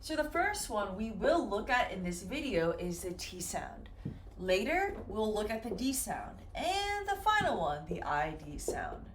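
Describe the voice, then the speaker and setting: Slow, lively woman teaching English. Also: medium pitch, a little hiss or hum. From United States. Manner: slow, clearly modeled example words. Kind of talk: classroom lesson on pronunciation.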